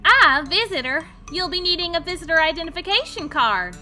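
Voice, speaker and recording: A woman's voice: extremely high pitch, big pitch swings, brisk, sharp tone, soft background music, voice pushed up, heavily acted. A woman voicing a fussy, bureaucratic ghost town clerk in a comedy game, cheerful and pedantic. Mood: officious.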